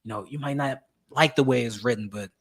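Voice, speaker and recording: Bright-voiced animated man. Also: medium pitch, quick pace, gravelly. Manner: animated storyteller acting out quotes. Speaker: actor guest. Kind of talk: casual chat.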